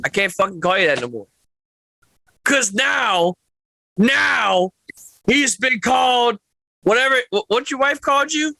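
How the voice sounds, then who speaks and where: A man hosting a casual wrestling podcast, loud and profane, yelling with excitement, his throat a bit sore. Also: very high-pitched, unhurried, gravelly, long pauses, no echo. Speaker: podcast host.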